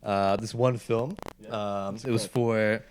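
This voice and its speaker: A man's voice: on the low side, steady tone, slow, a little hiss or hum. A man co-hosting a podcast, chatting casually with friends and often laughing as he rambles through a story. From Canada. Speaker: podcast co-host. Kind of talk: casual chat among friends.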